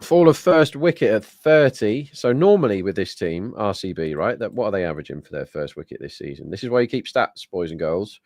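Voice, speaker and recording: Lowish male co-host, chatty betting tips, dry close sound. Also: lively intonation, brisk, hardly any pauses, a little mellow, dry recording. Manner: chatty, talks through betting lines. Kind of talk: live sports watch-along banter.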